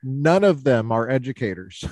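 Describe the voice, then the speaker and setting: A man hosting a conversational podcast interview, wry and quick to laugh, with sarcastic asides. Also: mid-range voice, big pitch swings, a little mellow, dry recording. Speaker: podcast host, professor.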